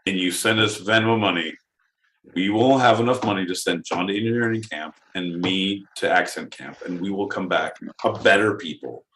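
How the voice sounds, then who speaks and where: A man's voice: sits low, moderate pace, a bit bright. A man co-hosting a podcast, teasing and scolding his partner in casual comedic banter, swearing and trying silly accents. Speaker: podcast co-host. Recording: echoey room with faint noise.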